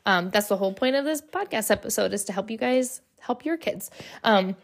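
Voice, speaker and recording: A young woman talks through her solo podcast in a loose, chatty way. Her pitch sits in the ordinary middle for a woman, and she keeps checking in with "right?" as she goes. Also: lively intonation, brisk. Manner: chatty, lots of "right?" and "like" fillers. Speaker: podcast host. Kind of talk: casual solo podcast talk.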